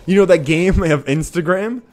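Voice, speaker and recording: A man's voice: sits high, moderate pace, darkish tone. A young Canadian man streaming live, chatting through his gameplay, laughing often and answering viewers' messages. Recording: faint music behind.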